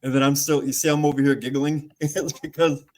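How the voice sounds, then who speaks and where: Chatty host guy telling quick stories, laughing a lot. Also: on the high side, little pitch movement, a little mellow. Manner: chatty, laughs often while telling anecdotes. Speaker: podcast host. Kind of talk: casual chat.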